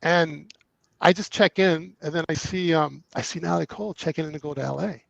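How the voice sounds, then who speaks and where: A man's voice: a little high, fairly quick, vocal fry, no room sound, muffled recording. A man, an actor guest, telling anecdotes in casual storytelling, acting out both sides of conversations and laughing often.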